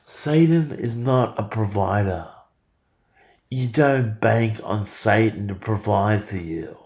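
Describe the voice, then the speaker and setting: A man's voice: fairly low pitch, lively intonation, slow pace, a little mellow, roomy sound. A man in his forties talking in a rambling, profane monologue with frequent stammered repetitions. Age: 40s.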